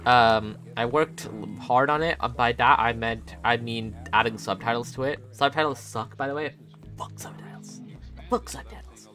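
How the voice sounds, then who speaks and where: A man's voice: mid-range voice, moderate pace, hardly any pauses, bright, forceful tone, soft background music. A young man streaming a game, rambling and joking casually with chat and laughing often. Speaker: gaming streamer.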